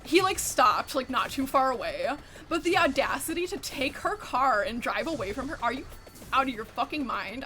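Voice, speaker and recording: A young adult woman, a VTuber, chats casually and animatedly while streaming a game, swearing freely and saying "like" constantly. Her voice is fairly high with a sharp edge.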